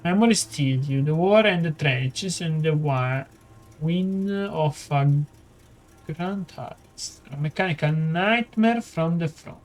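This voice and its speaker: Italian let's-play host, halting reader, slightly high voice, drawn-out pace. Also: male voice. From Italy. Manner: reads haltingly with stumbles and muttered asides. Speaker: gaming channel host. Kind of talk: let's play, reading game text aloud.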